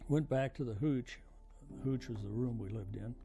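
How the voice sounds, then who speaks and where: An older veteran with a gravelly, creaky voice tells his story slowly and reflectively. He pauses often with "uh" fillers as he recalls events. Music plays clearly beneath his voice. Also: medium pitch, warm tone. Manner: halting, reflective, frequent uh fillers. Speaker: veteran recounting memories. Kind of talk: oral history storytelling. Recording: music playing under voice.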